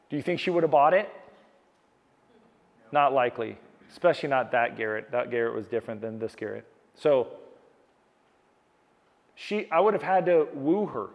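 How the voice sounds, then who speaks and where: A man's voice: medium pitch, animated, moderate pace, gravelly, pauses often, dull audio. A man preaching a sermon as pastor, earnest, restarting and repeating key phrases for emphasis. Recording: long hall reverb.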